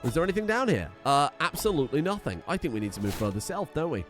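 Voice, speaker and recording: A man's voice: a little high, big pitch swings, fast talker, fairly bright tone, faint music behind. Chatty man commenting on a strategy game. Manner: chatty, thinking aloud, reads game text. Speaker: gaming video host.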